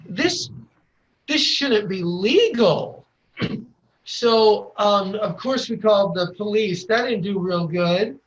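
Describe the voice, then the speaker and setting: A man from the United States telling a personal story as a podcast guest, halting often with pauses and restarts. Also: high-pitched. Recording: dull lo-fi recording.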